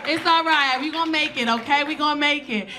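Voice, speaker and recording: A woman's voice: high-pitched, fairly quick, crowd noise, noisy background, voice pushed up, lightly acted. A woman voicing a flamboyant gay male flight attendant who soothes a passenger, sing-song and calling everyone honey. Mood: comforting. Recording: live club with audience laughter.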